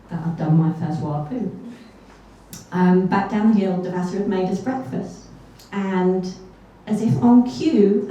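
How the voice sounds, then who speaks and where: A woman's voice: mid-range voice, mellow, dull audio. A woman telling a true story on stage at a live event, chatty and self-deprecating, with little asides. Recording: echoey hall from far off.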